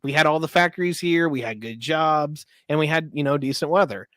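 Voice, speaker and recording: A man's voice: fairly high pitch, fairly quick, a bit bright, no echo. Insistent man ranting on a dry mic. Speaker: panelist. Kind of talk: casual panel chat.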